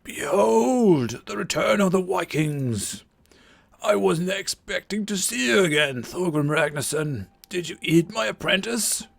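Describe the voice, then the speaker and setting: A man voicing an eccentric old male druid hermit with a strained, reedy old voice, rambling slowly and condescendingly. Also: high-pitched, expressive, creaky, pitched above the performer's own voice, exaggerated voice.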